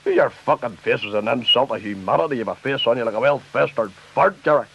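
A man's voice: medium pitch, brisk, vocal fry, close to an everyday voice. A man with a Northern Irish accent doing a comic impression of a ranting, foul-mouthed loyalist preacher-politician. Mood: insulting. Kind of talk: comic radio sketch impression. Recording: dull lo-fi tape with faint hiss.

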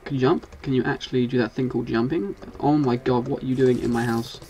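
A man talks through his game session at a mid-pitched, everyday register, quick to exclaim and grumble at creatures that threaten his house. The keys of a keyboard tap faintly behind him as he plays. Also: slight background noise. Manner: excitable, swears and scolds game monsters. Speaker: gaming video host. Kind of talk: casual gameplay commentary.

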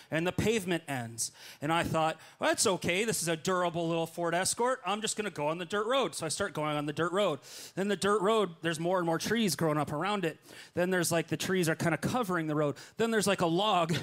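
A middle-aged man preaching, telling a long personal story in a lively way and acting out his own lines. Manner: animated, acts out his own lines with jumps in pitch. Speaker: pastor. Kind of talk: storytelling sermon.

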